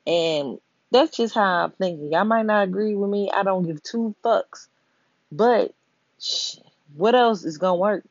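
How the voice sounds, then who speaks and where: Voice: mid-range voice, dry recording. Blunt, profane ranting voice on lo-fi audio. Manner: blunt, emphatic, addresses listeners directly; repeats 'you know what I'm saying' as a filler. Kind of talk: profane social-commentary rant to camera. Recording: dull, lo-fi, dry audio.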